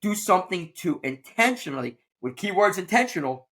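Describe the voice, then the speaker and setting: A man hosts a casual podcast conversation. He talks bluntly and plainly, like a teacher who doesn't sugarcoat, and his pitch moves up and down a lot. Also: sing-song, fairly quick, vocal fry, fairly bright tone. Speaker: podcast host.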